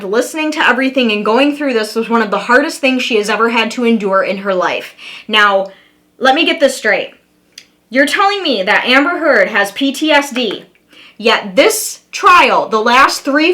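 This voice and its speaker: Young female commentary vlogger, bright tone, pitched a bit high, blunt and sarcastic to camera. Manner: blunt, sarcastic, talks straight to viewers. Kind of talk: reaction commentary.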